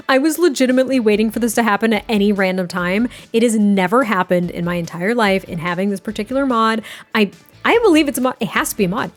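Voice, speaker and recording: A chatty, excitable woman talks through her gameplay as the host of her channel, often laughing and repeating herself. Her voice sits a little high, with faint music behind it. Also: fast. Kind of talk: casual gameplay commentary.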